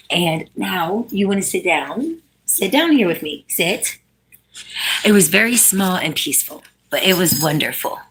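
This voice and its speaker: Slow-talking, breathy woman on a live stream. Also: mid-range voice, fairly bright tone. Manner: reads viewer comments aloud and talks to her dog. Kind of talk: casual live-stream chat.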